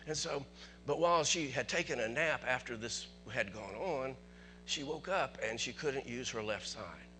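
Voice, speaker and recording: A man pastor telling a personal story in a sermon in church, chatty at first and rising to excited preaching. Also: medium pitch, moderate pace, soft background music. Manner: conversational, builds to excited preaching.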